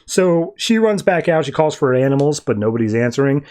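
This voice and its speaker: A man's voice: mid-range voice, lively intonation, a little fast, hardly any pauses, a little mellow. A man hosting a podcast, casually recapping a comic in a loose, rambling way and breezily quoting the characters. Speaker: podcast host.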